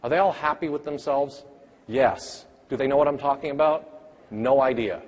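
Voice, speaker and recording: A man presenting a math teaching workshop, energetically firing quick questions at the audience. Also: mid-range voice. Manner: energetic, rapid-fire quizzing of the audience. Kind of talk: interactive conference workshop talk. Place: large conference hall. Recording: long hall reverb.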